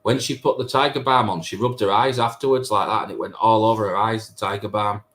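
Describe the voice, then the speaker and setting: Reading through his chat, a thirty-something male streamer jokes around with viewers in a casual way. He talks fast in a fairly low, slightly bright voice, and his intonation stays fairly even.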